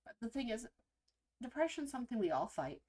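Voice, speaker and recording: A woman hosting a reaction video, talking earnestly and reflectively in a casual way, with halting pauses. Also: a little high, big pitch swings, darkish tone. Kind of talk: casual spoken reaction commentary.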